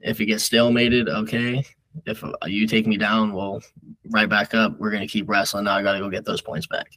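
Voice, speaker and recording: A young man with a lowish voice talks casually as a podcast guest. He rambles through his stories, leaning on filler words and restarts. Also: flat delivery, fairly quick, sharp tone, low-quality recording. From Nebraska. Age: young adult. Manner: rambling, filler-heavy storytelling. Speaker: guest wrestler.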